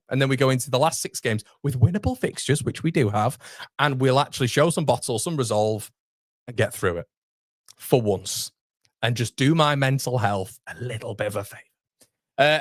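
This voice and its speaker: A young man hosts a live football fan stream, chatting casually through the watchalong and reading viewer comments aloud. His mid-range voice comes across clean, with studio sound and no room noise.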